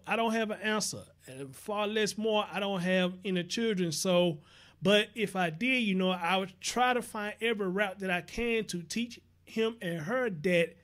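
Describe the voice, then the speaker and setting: A young man hosting a casual livestream, chatty and earnest, reading viewer comments and giving shout-outs. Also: high-pitched. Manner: earnest preaching tone on serious topics. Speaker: livestream show host.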